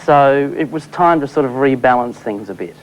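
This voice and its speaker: Brief: wry, relaxed Australian male performer. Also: mid-range voice, normal speed, poor audio. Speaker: stage performer, guest. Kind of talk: talk-show chat.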